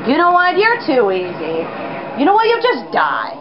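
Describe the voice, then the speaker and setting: A woman giving jumpy, excitable commentary while playing a video game. She exclaims a lot and talks to the character on screen. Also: sits high, moderate pace, background noise. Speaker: let's play gamer. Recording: dull lo-fi recording with game music.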